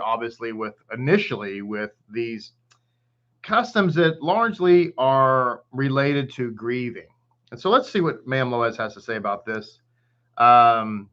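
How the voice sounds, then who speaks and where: A man's voice: medium pitch, pushed and bright, lo-fi sound. A man with a Texan accent, a rabbi giving a casual online Torah class, greeting viewers by name and chatting freely. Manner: chatty, greets viewers by name, hums and laughs between thoughts.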